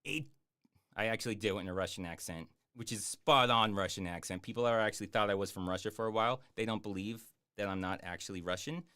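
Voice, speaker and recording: A man chatting casually on a live stream, answering viewer questions in a rambling, jokey way with lots of fillers and deadpan boasts. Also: fairly low pitch, fast talker, clear, resonant tone. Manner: hesitant with many fillers. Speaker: YouTube streamer answering chat.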